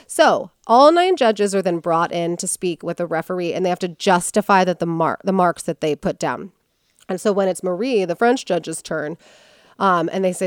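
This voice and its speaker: A woman's voice: lowish voice, animated, normal speed, no echo, studio quality. A woman hosting a podcast, telling a story in casual chat and acting out quotes in character voices.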